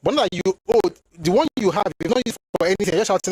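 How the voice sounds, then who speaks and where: A very animated man with a high, breathy-edged voice and quick pace gives an opinionated political monologue as a commentator, with no room sound. Emphatic and rhetorical, he slips into phrases, rises into indignant outbursts, and shifts between English and Yoruba.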